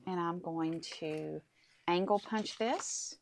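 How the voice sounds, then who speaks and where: A woman's voice: on the low side, slow, gravelly, heavy background noise. Chatty woman crafting on camera. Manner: chatty, talks viewers through each step. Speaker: crafting channel host. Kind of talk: casual craft tutorial.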